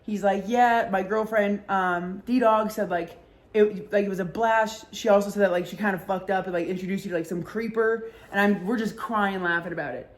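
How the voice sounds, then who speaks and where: A woman's voice: mid-range voice, moderate pace. A young woman hosting a casual chat show, telling a story with lots of swearing and acted-out quotes. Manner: animated, swears a lot, acts out quotes in mocking voices. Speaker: podcast host.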